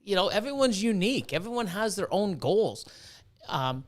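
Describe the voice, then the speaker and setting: Man, high voice, excitable, swears a lot, casual storytelling podcast guest. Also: normal speed.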